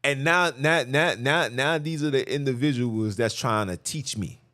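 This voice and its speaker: Preachy and animated, this man hosting a podcast launches into a passionate religious monologue, often saying things twice to drive them home. He speaks at medium pitch and a moderate pace, recorded clean in a studio with no room sound.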